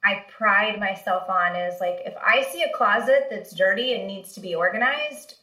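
A woman guest, a marketing executive, telling career stories in a casual interview, animated, laughing often and using many fillers. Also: medium pitch, normal speed, reverberant, low-quality recording.

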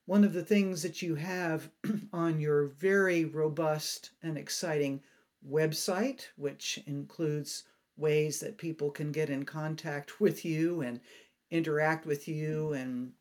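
A host speaks slowly and deliberately, building long questions for a guest. The voice sits at a middle pitch and stays unhurried throughout. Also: a little mellow. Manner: measured, wordy questioning. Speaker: podcast host. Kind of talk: interview questions.

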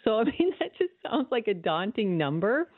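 A woman, a financial advisor on a radio show, chatting and thinking out loud. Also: fairly high pitch, big pitch swings, normal speed, no echo, phone-quality sound. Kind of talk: radio talk show chat.

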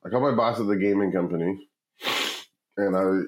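In a poor-quality recording, a low-voiced man in his forties talks fairly quickly as an interview guest. The startup founder rambles through a long story, cursing frequently and animatedly quoting other people.

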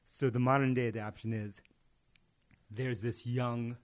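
A man's voice: medium pitch, little pitch movement, unhurried. A man in casual conversation, telling a story and acting out its dialogue. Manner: tells parables with acted-out dialogue.

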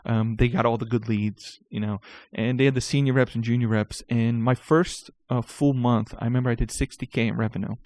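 A man telling stories about his sales career in a casual, animated way, often stammering and restarting his sentences. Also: mid-range voice, brisk, hardly any pauses, dry recording. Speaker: guest recounting sales career. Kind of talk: casual storytelling.

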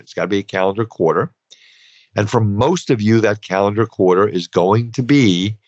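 A man with a fairly low voice hosts a podcast, talking listeners through the details in an easygoing, conversational way. He often breaks off into asides and restarts his sentences. The recording is dry and a little muffled. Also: dry recording. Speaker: podcast host advising dentists on taxes. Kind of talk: podcast explainer. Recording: dry, slightly dull podcast audio.

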